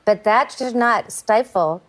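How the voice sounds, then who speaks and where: A woman's voice: on the high side, slow pace, a bit bright. A woman on a TV panel in a heated debate, making pointed, needling remarks. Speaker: panel commentator.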